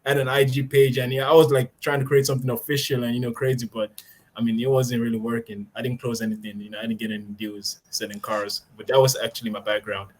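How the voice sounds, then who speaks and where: A young man from Nigeria in his twenties is a guest in an interview. He talks in a casual, halting way with lots of fillers and breaks into laughter easily. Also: mid-range voice, flat delivery. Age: 20s. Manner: hesitant, many fillers, laughs easily, deliberately adjusted way of speaking.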